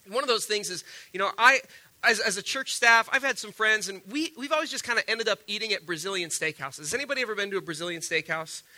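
Speaking fast from the platform, a sick pastor gives a casual, animated sermon, his high voice ringing bright and sharp. He keeps restarting and repeating words while working toward his point.

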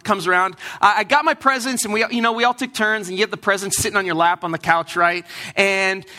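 A man preaching a sermon in church, telling a lively personal story and acting out the voices of the people in it. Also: sits high. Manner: animated storytelling, acts out quoted voices. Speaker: pastor.

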